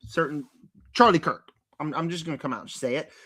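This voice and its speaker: A young man chats through his horror movie rankings in a loose, rambling vlog style, piling on fillers and stressing his points hard. His voice is bright and a touch high, and it cracks now and then as he clears his throat. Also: fairly quick. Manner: rambling, filler-heavy, emphatic. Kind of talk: casual vlog commentary.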